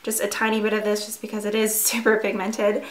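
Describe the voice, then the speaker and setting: A woman's voice: mid-range voice, completely flat delivery, a little fast. Young woman rambling thru her makeup routine, lots of ums and likes, roomy echo on the mic. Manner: chatty, filler-heavy, self-deprecating. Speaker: beauty vlogger. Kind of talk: casual makeup tutorial chat. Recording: echoey room.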